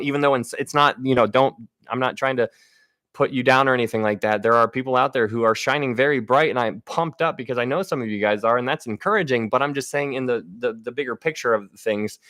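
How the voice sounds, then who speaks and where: A man leads a casual Bible study on a livestream and talks right to his viewers. He sounds enthusiastic and often restarts his sentences. His mid-pitched voice is recorded close and dry, with no room sound. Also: fairly quick, fairly bright tone, dry recording.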